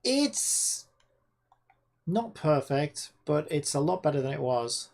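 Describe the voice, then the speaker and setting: A game developer thinking aloud at the keyboard, with a gravelly, creaky edge to the voice. The talk is slow and drawn out, muttered half to themself and peppered with frustrated swearing. It is casual self-talk with no audience in mind. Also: mid-range voice, sing-song, darkish tone.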